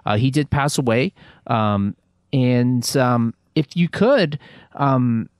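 Halting male interviewer, dry sound. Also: mid-range voice, lively intonation, a little mellow, smooth, dry recording. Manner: hesitant, halting questions. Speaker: interview host. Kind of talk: casual interview.

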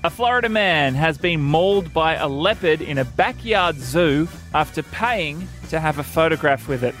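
A man's voice: a little high, lively intonation, a bit bright, faint music behind. Wisecracking radio host man. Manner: wisecracking, quick delivery. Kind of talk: comedic radio banter. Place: radio studio.

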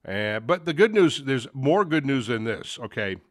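A man's voice: medium pitch, sing-song, moderate pace, no echo, studio quality. A man hosting a sports talk show, talking casually and rambling with many fillers and restarts. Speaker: sports radio host.

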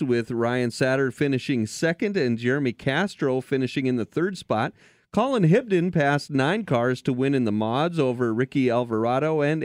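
A man hosting a racing talk show, reading race results in a steady, scripted way. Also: fairly high pitch, dry recording, studio quality.

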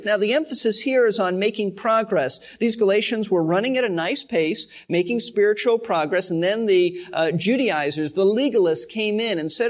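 Man, higher-pitched pastor, verse-by-verse Bible teacher, earnest, leans hard on key words. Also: moderate pace, hardly any pauses. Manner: earnest, emphatic, repeats key words for stress.

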